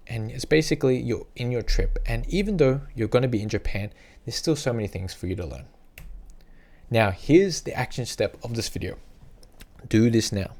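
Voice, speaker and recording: Chatty gravelly-voiced man giving travel tips. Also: a little mellow. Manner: chatty, repetitive, acts out little scenes in a higher voice. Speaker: travel vlogger. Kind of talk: casual advice to camera.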